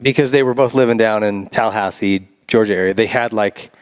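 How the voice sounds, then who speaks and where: A man's voice: fairly low pitch, a little fast, clean tone. A man hosting a casual interview, easygoing and asking short questions. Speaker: podcast host.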